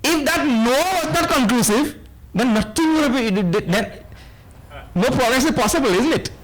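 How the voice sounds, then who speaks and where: A man with a Trinidadian accent giving a spiritual discourse to a live audience, animated and often quizzing his listeners. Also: very high voice, normal speed, slight background noise, poor audio. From Trinidad and Tobago. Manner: animated, questioning listeners, playful asides. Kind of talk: lively lecture on scripture.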